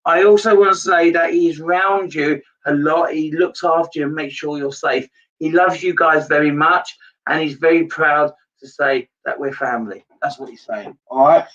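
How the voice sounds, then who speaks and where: A psychic medium giving a live-streamed reading to viewers, halting, repeating his phrases and turning emotional. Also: a little high, a bit bright, recorded from a distance, muffled recording.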